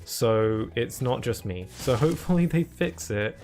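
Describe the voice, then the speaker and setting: While playing a video game on a live stream, a man chats and rambles to his viewers, laughing between comments to chat. He has a medium-pitched, slightly mellow voice with lively intonation, unhurried, over soft background music.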